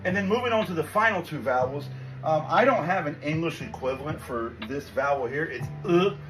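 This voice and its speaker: High-pitched guy teaching letters, keeps encouraging you, music in the background. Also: lively intonation, brisk, rough recording. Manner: reassuring, encouraging. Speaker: language teacher. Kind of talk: quick instructional explainer. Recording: music playing behind.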